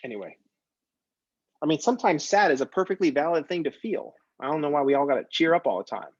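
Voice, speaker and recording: A man's voice: fairly high pitch, animated, fast talker, slightly rough, no room sound, dull audio. A man teaching a math class in a recorded lecture, talking in a conversational, jokey way that drifts off topic. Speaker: math instructor.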